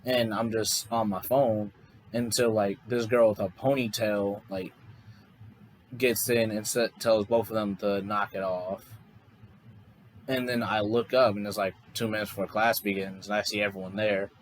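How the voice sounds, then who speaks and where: A man's voice: lowish voice, fairly even intonation, normal speed, a little hiss or hum, low-quality recording. A man casually improvising a story, rambling loosely with lots of fillers and restarts. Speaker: fan storyteller.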